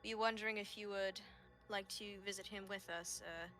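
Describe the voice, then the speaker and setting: A woman's voice: medium pitch, fairly even intonation, a little fast, bright, forceful tone, soft background music, close to an everyday voice. A woman playing a caring young adventurer who speaks politely and hesitantly, with fillers, in a tabletop game. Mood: earnest.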